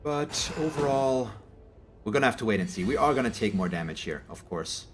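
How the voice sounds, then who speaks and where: A native German speaker from Germany hosts a gaming channel, giving casual, chatty gameplay commentary in English. His mid-range voice is animated and brisk as he rambles and often corrects himself mid-sentence, with a little hiss or hum.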